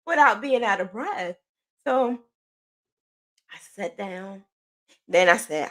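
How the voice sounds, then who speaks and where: A woman hosting a podcast, telling a personal story in a chatty, animated way with informal slang. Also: mid-range voice, unhurried, pauses often. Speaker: podcast host.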